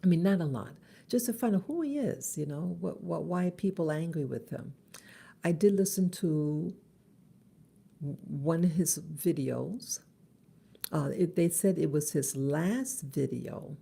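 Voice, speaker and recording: A middle-aged woman talking in a halting, casual vlog monologue in her early-morning voice, with many restarts. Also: deep voice, creaky, warm tone, husky. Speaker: vlogger.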